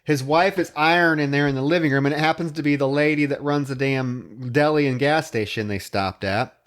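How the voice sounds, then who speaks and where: A man's voice: on the high side, a bit bright. A man co-hosting a podcast, casually retelling film scenes. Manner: retells scenes with quick voiced quotes. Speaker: podcast co-host.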